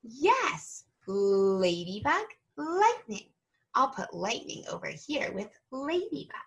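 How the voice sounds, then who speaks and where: A woman teacher leading an early-reading lesson for young children, slow and patient, stretching out each sound. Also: sits high, big pitch swings, gravelly, a bit bright, muffled recording.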